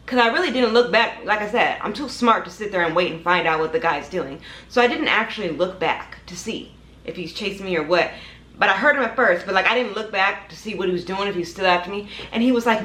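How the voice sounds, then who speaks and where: A woman's voice: mid-range voice, fast talker. A young woman telling a dramatic personal story to her viewers, talking to them directly and acting out the scenes. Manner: animated, dramatic storytelling, addresses viewers as y'all. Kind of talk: storytime vlog. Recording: echoey room.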